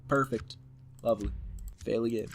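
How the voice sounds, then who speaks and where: A man's voice: mid-range voice, normal speed, slight background noise. Playful man narrating a game. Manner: playful and animated, hamming up the game text. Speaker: let's-play host. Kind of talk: game commentary and reading game text aloud.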